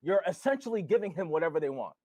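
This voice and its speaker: A man's voice: on the high side, animated, fast, dark tone, dry recording. A man who is a father, co-hosting a podcast in blunt casual chat and swearing freely. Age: adult father. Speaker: podcast co-host.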